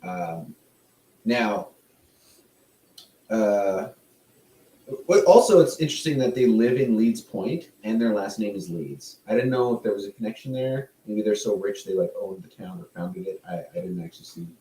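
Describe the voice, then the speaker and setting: Co-host, man, lively teasing delivery, low and mellow, heard from a distance in a roomy space. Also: moderate pace. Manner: lively, teasing, asks questions. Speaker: podcast co-host. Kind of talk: casual chat. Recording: roomy and off-mic.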